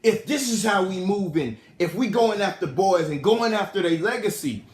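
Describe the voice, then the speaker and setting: A man's voice: high-pitched, moderate pace, echoey room. A man in a casual commentary vlog, talking straight to his viewers in a slangy way, often repeating himself, from a hot room at home. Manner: animated, talks to his viewers and chat directly. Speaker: vlogger.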